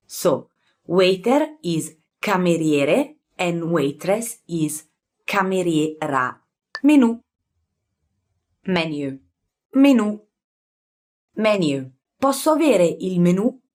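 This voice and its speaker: A young woman with an Italian accent, a native Italian speaker, teaching vocabulary in a casual, friendly way and repeating words clearly. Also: deep voice. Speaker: language teacher.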